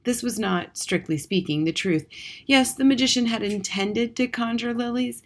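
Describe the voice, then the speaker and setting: A woman reading a storybook chapter aloud in a soft, measured narration. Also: fairly high pitch. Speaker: audiobook reader.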